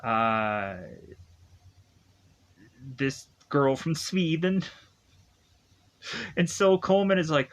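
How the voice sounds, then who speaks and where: Slow, halting man recapping a film. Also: medium pitch. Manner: halting, filler-heavy, chuckling. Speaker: film reviewer. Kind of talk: casual movie recap.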